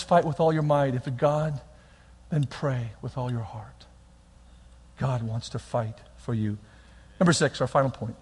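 Male pastor, sermon, high voice, big dynamic swings, long church hall reverb. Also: husky. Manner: animated, swings between loud bursts and quiet, near-whispered lines.

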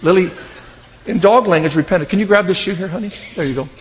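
A man preaching a sermon, telling lively humorous stories and acting out the people in them. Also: high-pitched, fast, long reverb tail, a little hiss or hum. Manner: animated storytelling, shouting in character. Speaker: pastor.

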